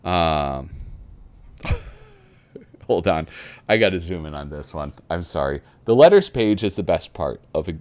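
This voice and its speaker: A man with a low voice chats casually as he flips through a magazine. He reads letters aloud slowly and breaks into chuckles as he rambles. The sound is dry and close, with no room around it. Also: no echo. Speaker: host flipping through a magazine. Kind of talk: casual commentary reading aloud.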